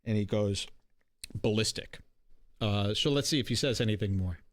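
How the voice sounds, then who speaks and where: A man hosting a podcast, talking in an animated, exasperated, profane rant. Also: lowish voice, normal speed. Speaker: podcast host. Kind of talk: casual ranting commentary.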